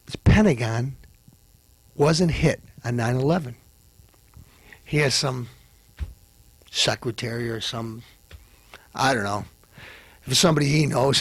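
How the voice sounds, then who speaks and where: A man hosting a comedy show, ranting and hurling insults, swinging between loud outbursts and low mutters. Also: dry recording. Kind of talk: ranting comic commentary.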